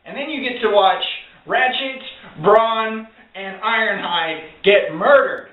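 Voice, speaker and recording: A high-pitched man rants sarcastically, swearing and getting worked up as he talks. His voice comes through thin and phone-like, with a lot of room echo, as if he sits well away from the mic. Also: a little slow. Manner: sarcastic, profane, excitable. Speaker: film reviewer. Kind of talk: casual ranting review. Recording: tinny, echoey, far from the mic.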